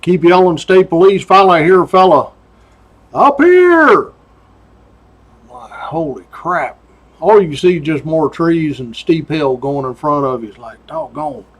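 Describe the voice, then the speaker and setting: A man's voice: a little high, lively intonation, a little fast, vocal fry, hardly any pauses, highs cut off. Folksy man spinning a yarn. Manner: folksy drawl with "doggone" and chuckles. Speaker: retired state trooper storyteller. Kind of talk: casual spoken storytelling.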